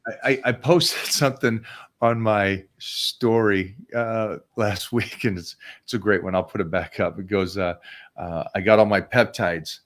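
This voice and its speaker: A man's voice: lowish voice, steady tone, measured pace, fairly bright tone. A man in his sixties hosting a casual sponsored chat, talking in an emphatic, rambling way, repeating and restarting his words. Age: 60s. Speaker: show host.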